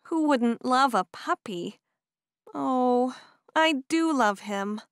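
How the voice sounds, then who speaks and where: A woman reads as an eager young Amish woman who gushes in a high, breathless voice that leaps up and down. The delivery is dry and close, in the manner of an audiobook character. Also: expressive, slow, clean tone, dry recording, exaggerated voice. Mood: delighted.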